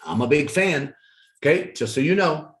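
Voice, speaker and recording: Animated man coaching sales closing. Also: on the high side, normal speed, reverberant. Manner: animated, acts out sales dialogues. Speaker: sales trainer. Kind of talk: sales training talk.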